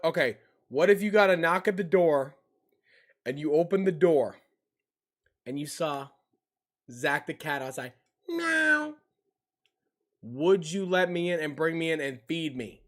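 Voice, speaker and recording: A man's voice: a little high, a little slow, long pauses. A man streaming live, chatting with viewers in a loose, slangy way that often trails off. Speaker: livestreamer.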